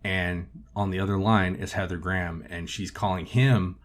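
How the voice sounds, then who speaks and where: Male podcast host, low voice, profane and animated, casual film recap. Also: normal speed.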